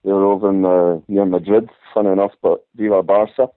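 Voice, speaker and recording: A man phones in to a radio show for a casual chat, starting his turns with fillers like "listen." His low voice stays fairly level in pitch and moves briskly, heard over a tinny, dry phone line with no room sound.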